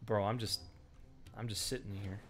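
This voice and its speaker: A man's voice: on the low side, steady tone, moderate pace, fairly bright tone, a little hiss or hum. Chatty man streaming a game. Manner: chatty, thanks viewers, mutters asides. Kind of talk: live game commentary.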